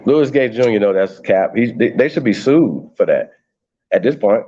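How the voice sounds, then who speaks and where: A man's voice: on the low side, animated, moderate pace, warm tone, dull audio, a little hiss or hum. A man hosting a casual livestream, mocking and profane, laughing often. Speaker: host.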